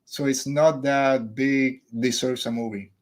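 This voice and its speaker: Guy in his 30s ranting casually on a podcast, blunt opinions, mid pitch voice. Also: fairly even intonation, a little slow. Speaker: podcast host.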